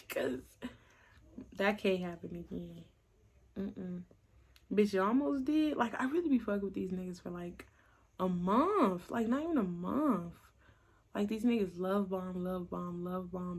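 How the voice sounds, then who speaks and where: A young woman telling a storytime vlog in a blunt, profane, animated way, acting out the other people's lines. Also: fairly low pitch, vocal fry, slightly rough. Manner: blunt, profane, animated retelling with quoted voices. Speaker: vlogger. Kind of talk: casual storytime chat.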